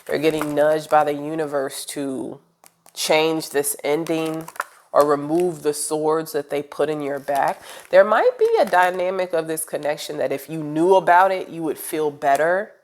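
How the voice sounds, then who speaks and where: A woman's voice: low-pitched, measured pace, slight background noise. A woman with a cold giving a casual tarot reading, speaking straight to her viewers in a chatty, rambling way with plenty of fillers. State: congested with a cold. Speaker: tarot reader.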